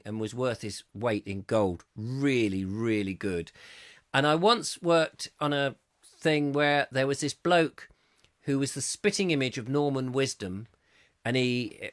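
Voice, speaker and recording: A man's voice: mid-range voice, fairly bright tone, dry recording, clean studio sound. A middle-aged man hosting a live chat show, telling rambling anecdotes with digressions and restarts. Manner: chatty, digressive, with many fillers and restarts. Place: home studio, live stream.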